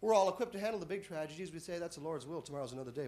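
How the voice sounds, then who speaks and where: A man doing a stand-up comedy routine on a club stage, deadpan setups that burst into shouted punchlines. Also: a little high, very fast, slight background noise. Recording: live club audience laughing. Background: audience laughter and applause.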